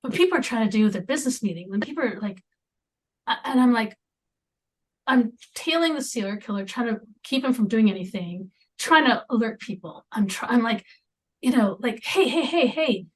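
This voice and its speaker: A woman speaking as a podcast guest in a conversational interview, halting, with many fillers and restarts. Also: on the high side, husky. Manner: drops into near-whispers at times.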